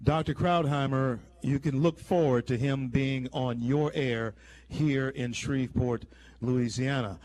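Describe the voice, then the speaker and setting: A man's voice: mid-range voice, steady tone, a little slow, darkish tone. A man hosting political talk radio, speaking in an emphatic, opinionated way with frequent restarts. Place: radio studio.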